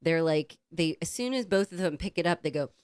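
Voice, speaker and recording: A woman's voice: deep voice, expressive, fairly quick, darkish tone, clean tone, dry recording. A woman co-hosting a podcast, telling a story in casual chat, laughing often and acting out the voices of the people in it. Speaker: podcast co-host.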